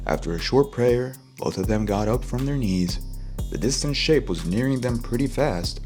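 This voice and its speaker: A man's voice: medium pitch, lively intonation, normal speed, a little mellow, soft background music. A man narrating an audiobook in a casual, slangy reading style. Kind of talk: storybook narration.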